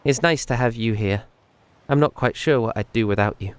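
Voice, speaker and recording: A man voicing a troubled young man who confides a fear in a hesitant, halting, earnest way. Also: medium pitch, a little hiss or hum, lightly acted. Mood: grateful.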